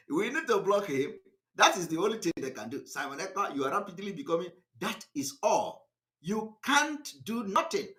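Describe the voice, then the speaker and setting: A man with a Nigerian accent speaks on a live online broadcast in a high, bright voice that swings widely in pitch. He is emphatic and defiant, hammering points home through repetition. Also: big pitch swings, brisk. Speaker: activist broadcaster.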